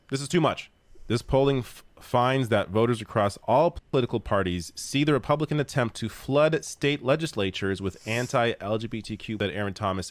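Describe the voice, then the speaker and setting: A man's voice: mid-range voice, dry recording. A man reading out news polling and repeating key points emphatically. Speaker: political commentator.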